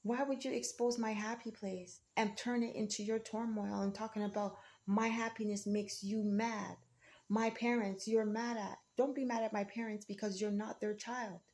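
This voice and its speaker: A woman's voice: medium pitch, steady tone, normal speed, darkish tone. A woman speaking in an emotional, rambling monologue, defiant and often repeating herself.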